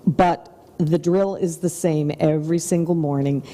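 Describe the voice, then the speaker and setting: A woman's voice: low-pitched, fairly even intonation, unhurried, long reverb tail. A middle-aged woman co-hosting a talk show, speaking in an effusive, upbeat motivational way. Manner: effusive and upbeat, with soft whispered asides. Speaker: TV show co-host.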